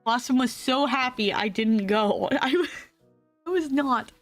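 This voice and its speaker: A young woman VTuber telling a story in a casual, animated way, laughing often. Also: measured pace, faint music behind. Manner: animated, laughs often, acts out quotes in high squeals. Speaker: VTuber streamer.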